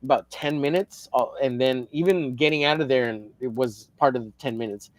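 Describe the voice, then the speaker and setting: A man's voice: mid-range voice, brisk, no echo. A man in casual livestream chat, telling a long story in a rambling, profane way with many restarts. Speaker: co-host of a drawing livestream.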